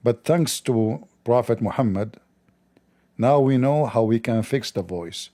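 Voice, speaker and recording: A man's voice: mid-range voice, unhurried, mellow. A man hosting a livestream, talking in a sarcastic, mocking way in non-native English. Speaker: livestream host. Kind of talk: livestreamed commentary.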